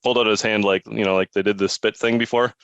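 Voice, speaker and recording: An easygoing man at a tabletop game, describing what his character does. His voice sits fairly low, and the recording is dry and close. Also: steady tone, quick pace, fairly bright tone, clean tone, no echo, dull audio. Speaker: player. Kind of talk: casual tabletop play.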